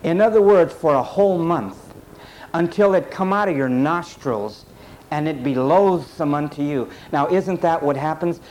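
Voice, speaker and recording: A man's voice: a little high, normal speed, darkish tone, low-quality recording. A man preaching a sermon, speaking straight to his congregation in an emphatic, repetitive style. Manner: addresses the congregation directly.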